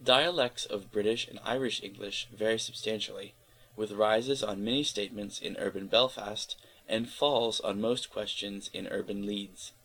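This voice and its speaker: A man reading an encyclopedia article aloud in a steady, careful way, spelling out letters where needed. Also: lowish voice, normal speed, rough recording. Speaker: volunteer reader of an encyclopedia article. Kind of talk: read-aloud article narration.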